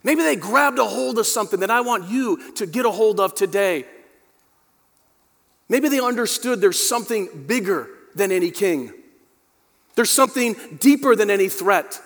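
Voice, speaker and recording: Man preaching, fairly high voice, dynamic delivery, long church reverb, talks straight to congregation. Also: lively intonation, normal speed, gravelly, a bit bright. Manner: dynamic preaching, rising to emphatic peaks and dropping low; addresses the congregation directly. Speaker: pastor. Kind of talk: sermon.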